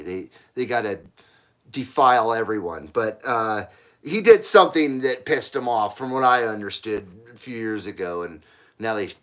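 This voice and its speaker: A man's voice: medium pitch, fairly bright tone. A middle-aged man hosting a casual live stream, reading viewers' messages aloud and answering bluntly, with frequent swearing and laughter. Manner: blunt, profane, laughs often.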